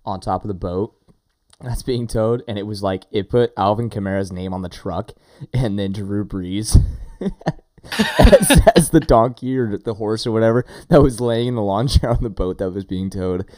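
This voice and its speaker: A man co-hosting a fantasy football podcast in casual, animated chat with friendly slang. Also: on the low side, moderate pace, dry recording, studio quality.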